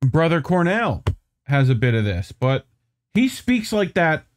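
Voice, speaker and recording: A man co-hosting a casual political commentary podcast, talking in a chatty way with quick asides and casual swearing. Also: on the high side, big pitch swings. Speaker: podcast co-host.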